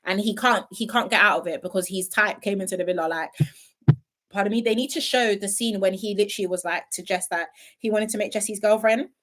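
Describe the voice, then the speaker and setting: A woman's voice: mid-range voice, fairly quick, a bit bright. A young woman casually chatting on a live stream, reading viewer comments with playful asides, frequent laughs and trailing ums. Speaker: reality show commentator.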